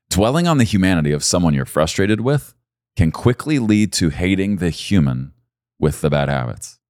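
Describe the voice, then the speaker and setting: A man preaching a sermon as pastor, swinging from low, quiet stretches to loud, high emphasis. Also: dry recording, studio quality.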